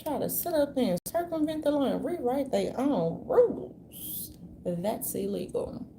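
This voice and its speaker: Woman vlogger, gravelly fry, fairly high voice, slangy profane rambling rant. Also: big pitch swings, a little slow, warm tone, slight background noise.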